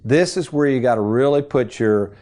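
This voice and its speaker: A man's voice: medium pitch, normal speed. Folksy middle-aged male radio host. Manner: folksy, animated storyteller. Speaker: financial radio show host. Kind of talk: casual radio chat and storytelling.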